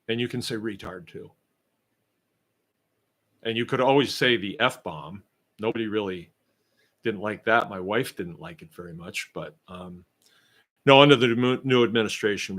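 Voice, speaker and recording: A man's voice: mid-range voice, fairly bright tone. Rambling sarcastic man. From Shrewsbury, Massachusetts. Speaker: homestead channel host. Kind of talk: casual livestream chat reading viewer comments.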